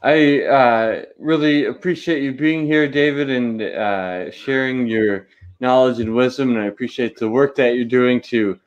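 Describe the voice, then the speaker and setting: Male interview host, relaxed and pausing, muffled low-fidelity audio. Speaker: podcast host. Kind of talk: interview wrap-up.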